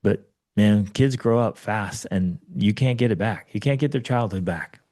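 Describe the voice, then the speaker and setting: A man in his forties speaks as an interview guest, his voice dark and mellow. He tells personal stories with urgent, emphatic conviction and leans into his points like a pep talk. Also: fairly low pitch, moderate pace. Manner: emphatic storyteller, urgent and preachy. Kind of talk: conversational interview.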